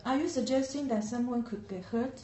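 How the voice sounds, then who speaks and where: Actress playing earnest female committee member, mellow slightly high voice, roomy recording. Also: normal speed, lightly acted. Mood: insistent. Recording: roomy recording, faint noise.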